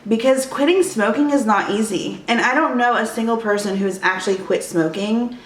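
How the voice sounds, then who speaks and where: Recording a vlog indoors at home, a woman in her thirties speaks openly and with emotion, frequently letting out sighs. Her voice is on the high side, her pace moderate, and the room has an echo.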